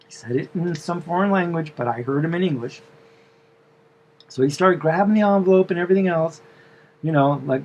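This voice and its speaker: A man's voice: a little high, normal speed, long pauses, a little mellow, muffled recording. A man telling the story of a dream in a casual, meandering way, full of fillers and asides.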